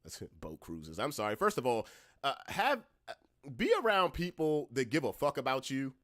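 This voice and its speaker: A man hosting a casual podcast, talking bluntly and with swearing, moving between calm talk and loud, heated ranting. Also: medium pitch, normal speed, dry recording, clean studio sound. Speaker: podcast host.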